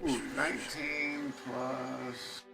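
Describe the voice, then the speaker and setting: A man's voice: mid-range voice, little pitch movement, very slow, vocal fry, over music. A man playing a tabletop game, upbeat and eager about his rolls. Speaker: player.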